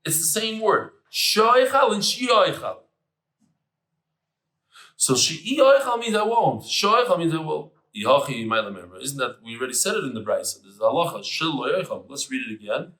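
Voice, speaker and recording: Male Talmud teacher, bright and animated delivery, echoey room. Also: on the high side, brisk, hardly any pauses. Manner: animated, chatty, mixes Hebrew terms into English. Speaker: Daf Yomi teacher. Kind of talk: lively Talmud lecture. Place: room with tables and air conditioner.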